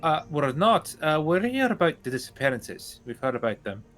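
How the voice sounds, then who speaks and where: A man's voice: fairly high pitch, very animated, moderate pace, a bit bright, faint music behind. A man playing in a tabletop game, talking casually and bluntly in character. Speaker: player.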